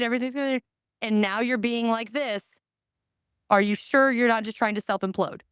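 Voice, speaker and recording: A woman's voice: a little high, moderate pace, clear, resonant tone, dry recording, studio quality. A woman hosting a podcast, chatting casually in a blunt, candid way and swearing freely. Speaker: podcast host. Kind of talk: casual chat.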